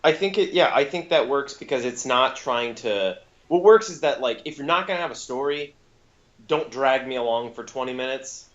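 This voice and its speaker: A man's voice: medium pitch, animated, normal speed, highs cut off. A man co-hosting a casual podcast film review, rambling with frequent fillers and self-corrections. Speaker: podcast co-host.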